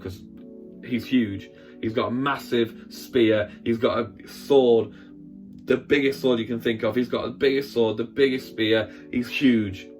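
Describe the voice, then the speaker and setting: Church guy telling a bible story all animated, sound effects and all, soft guitar in the back. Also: medium pitch, a little slow. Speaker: children's church presenter.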